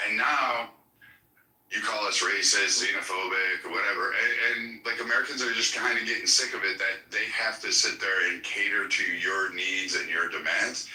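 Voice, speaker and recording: A man co-hosting a podcast, talking politics bluntly and profanely, with many halting restarts. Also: on the low side, steady tone, pushed and bright. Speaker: podcast co-host. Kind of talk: casual political talk. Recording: roomy echo, far from mic.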